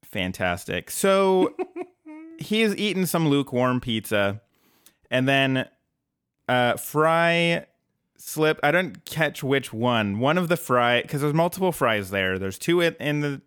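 A man's voice: medium pitch, sing-song, slow, a bit bright, clear, resonant tone, no echo. A man co-hosting a podcast, recapping an episode in casual chat with dry jokes. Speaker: podcast co-host.

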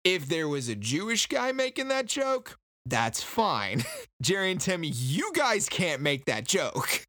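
Guy recapping a book on a podcast, bright tone, jokey, tosses in little voices. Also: a little high, wildly swooping pitch, dry recording. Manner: loose, joking, quotes characters in quick impressions. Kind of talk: casual chat.

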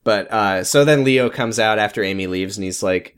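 A man's voice: on the low side, moderate pace, clean tone. A man co-hosting a podcast, recapping a TV episode in a dry, wry way and acting out characters' lines. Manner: dry, wry retellings with acted quotes. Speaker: podcast co-host. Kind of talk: casual comedic recap chat.

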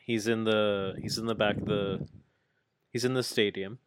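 Low-voiced man in casual podcast chat. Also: moderate pace, noisy background. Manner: animated retelling, acts out quotes. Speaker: podcast co-host.

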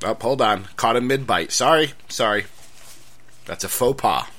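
A man's voice: mid-range voice, animated, moderate pace, bright, forceful tone. A man co-hosting a wrestling podcast, chatting casually in a joking, self-deprecating way. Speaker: podcast co-host. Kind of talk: casual chat.

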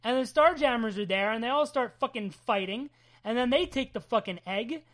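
A woman's voice: a little high, moderate pace. A woman chatting casually about a comic book issue, swearing often and laughing as she retells scenes. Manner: profane, laughing, animated storytelling. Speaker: comic book podcast co-host. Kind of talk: casual chat recapping a comic.

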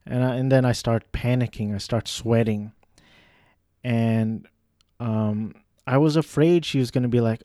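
A man's voice: mid-range voice, unhurried, a little mellow, no room sound, studio quality. A young man casually telling a rambling, self-deprecating story, with some swearing and lots of restarts.

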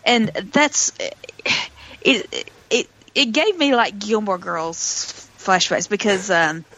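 A woman's voice: medium pitch, slow pace, pushed and bright. Woman, podcast co-host, casual chat, thinking aloud, slightly dull muffled recording. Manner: checks her notes, thinks aloud with fillers.

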